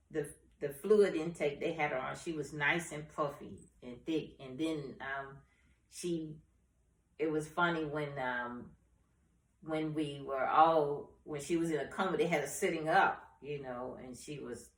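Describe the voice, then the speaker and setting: A middle-aged woman, the host's mother, calmly recounting family memories in casual conversation. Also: sits low. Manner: relaxed, agrees with short murmurs, recounts calmly. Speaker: mother of the host. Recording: echoey room, mic at a distance.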